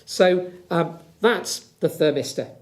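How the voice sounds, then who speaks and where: A middle-aged man with a slightly high voice gives a physics lesson at home. He talks in a chatty way and walks through each idea step by step as he shows it. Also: animated, takes it slowly. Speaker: physics teacher.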